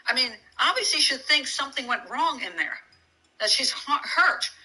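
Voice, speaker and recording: A woman's voice: high-pitched, very animated, moderate pace, bright, forceful tone, rough recording. A woman giving casual commentary on a criminal case, reading from documents and thinking aloud with many restarts, incredulous and sarcastic. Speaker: true crime commentator.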